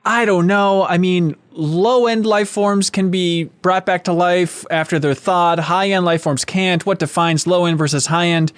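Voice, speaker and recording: A man hosting a podcast discussion, talking in an animated, joking way. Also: high-pitched, a little slow, few pauses, clear, resonant tone, dry recording. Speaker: podcast host. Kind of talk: casual discussion.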